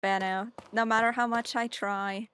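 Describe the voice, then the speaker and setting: A young woman whose native language is German chats during a game stream, rambling and self-deprecating, her English accent blending in British touches. Her voice is on the high side, steady, fairly bright and smooth, at a moderate pace.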